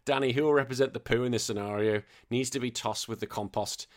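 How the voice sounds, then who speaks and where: Jokey swearing podcast host. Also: male voice, medium pitch, steady tone, fast. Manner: swearing, jokey, laughs often. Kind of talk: casual chat.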